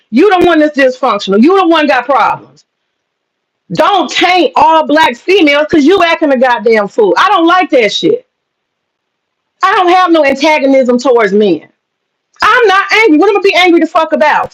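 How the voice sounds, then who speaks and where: Brief: high-pitched woman, profane ranting commentary host, rapid rhetorical questions. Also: big pitch swings, poor audio.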